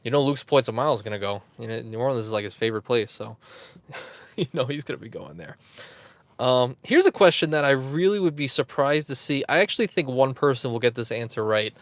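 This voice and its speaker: A man's voice: medium pitch, a little fast, dry recording. A man hosting a casual livestream, rambling, chuckling and answering viewers in the chat. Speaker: YouTube host.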